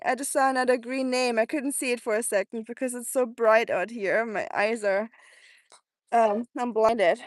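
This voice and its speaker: Out on a sunny waterside walk, a livestreaming vlogger from Germany chats in a slightly high voice with a German accent. She laughs a lot and coos at her dog, and the audio sounds studio quality with no echo.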